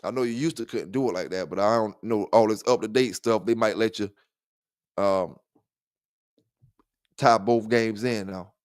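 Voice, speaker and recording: A man's voice: fairly low pitch, normal speed, long pauses, dry recording, clean studio sound. A man hosting a livestream dog talk show, chatting loosely with viewers in profane trash talk and laughing often. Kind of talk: casual livestream chat.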